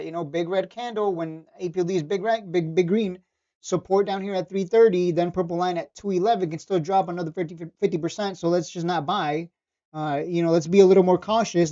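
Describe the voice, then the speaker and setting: A man's voice: high voice, mellow, lo-fi sound. A man streaming stock trading, casually going over charts and chat questions in a blunt, profane way, often laughing and repeating himself. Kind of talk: casual livestream commentary reading chat.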